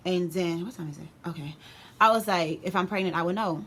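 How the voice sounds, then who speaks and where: A woman's voice: on the low side, a little fast, slight background noise. Slangy young woman telling a story. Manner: casual, animated storytelling with slang. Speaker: vlogger. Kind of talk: storytime vlog.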